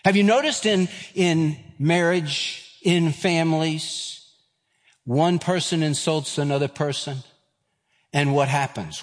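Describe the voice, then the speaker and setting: A man's voice: on the high side, slow. A man, preaching a sermon and telling stories, acting out the voices of the people in them. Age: 50s. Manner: animated, acts out quoted voices. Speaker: pastor. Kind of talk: sermon with storytelling. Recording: long reverb of a large hall.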